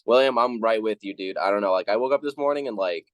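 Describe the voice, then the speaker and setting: A tired, worn-out man rambles apologetically before reading his work. His voice sits on the low side, recorded close and dry. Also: quick pace, no room sound, low-quality recording. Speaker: poet at a reading event.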